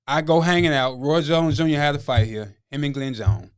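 A man's voice: on the high side, normal speed, clean tone. A middle-aged man and firefighter, a guest telling a story in a laid-back, rambling way with many asides. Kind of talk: casual storytelling.

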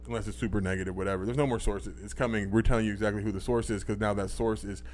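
A man's voice: on the low side, fairly even intonation, very fast, darkish tone, slight background noise. A young man talking as a podcast guest in casual chat, blunt and profane with lots of fillers.

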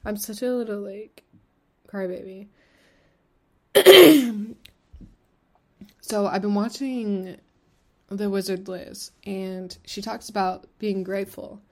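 A woman in her twenties hosts a solo podcast, speaking candidly and rambling with plenty of fillers and swearing. Her voice sits at a medium pitch with a darkish tone.

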